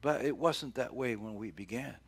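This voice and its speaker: A middle-aged man preaching a sermon as pastor, folksy and joking, with big loud swings when he acts out cries. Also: mid-range voice, moderate pace, husky.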